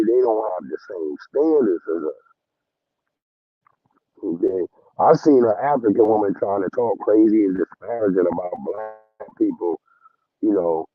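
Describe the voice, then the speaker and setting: A man's voice: lowish voice, dry recording, highs cut off. A man hosting a livestream, giving loose, profane commentary with bursts of laughter. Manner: animated, profane, laughing storyteller. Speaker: livestream host. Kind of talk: casual commentary.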